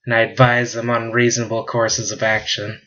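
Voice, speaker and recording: A man's voice: medium pitch, flat delivery, brisk, sharp tone. Casual male storyteller, lo-fi sound. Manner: casual, laughs at his own jokes. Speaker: podcast co-host, storyteller. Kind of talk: reading a sci-fi story aloud. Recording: dull lo-fi recording.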